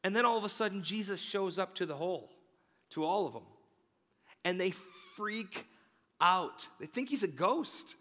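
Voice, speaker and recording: Energetic preacher with a stammer, long reverb. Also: male voice, high-pitched, a little slow. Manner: energetic, conversational, occasional stammering. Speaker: pastor. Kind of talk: sermon. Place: large church sanctuary.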